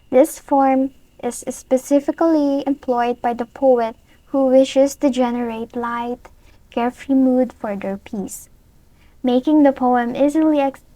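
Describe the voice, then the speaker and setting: A woman with a fairly high, mellow voice reads through a prepared lesson at an unhurried pace. She is careful and stops now and then to restart a word. The recording is close and dry. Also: no room sound, low-quality recording. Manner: careful, slow reading with small restarts. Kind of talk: reading a prepared lesson aloud.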